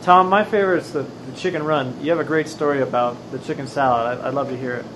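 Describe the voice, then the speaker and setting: Fast-talking male interviewer. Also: mid-range voice, steady tone. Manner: quick prompting questions. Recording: clear background noise.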